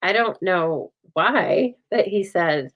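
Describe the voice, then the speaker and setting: Woman craft-demo host, low-pitched and soothing, chatty with a deadpan streak, recorded on a phone. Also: slow pace, dull audio. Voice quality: calm, soothing voice. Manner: chatty, laughs often, dry deadpan humor. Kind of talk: casual chat during a craft demo.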